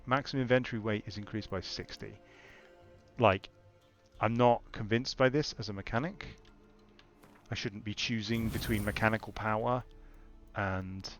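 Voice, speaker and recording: A man's voice: fairly low pitch, normal speed, highs cut off, faint music behind. A young man casually commenting as he plays a video game, thinking aloud with exasperated asides. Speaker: gamer. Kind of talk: casual let's-play commentary.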